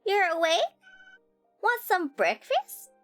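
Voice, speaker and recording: A woman voicing a cheerful, doting male bear who cooks, speaking softly and chummily with a slow, drawn-out delivery, reading a game's dialogue aloud. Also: very high-pitched, sing-song, soft background music, voice pushed up, heavily acted. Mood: gentle, doting.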